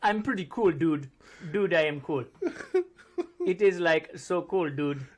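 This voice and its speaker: A man playing a boastful grown man who insists he has lost his accent, talking in a loud, mocking way. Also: on the high side, measured pace.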